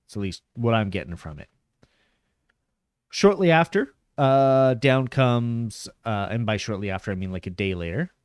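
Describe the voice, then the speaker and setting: Male streamer, casual rambling commentary, animated pitch, dry headset sound. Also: moderate pace, smooth, no room sound. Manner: chatty, rambling, laughs often.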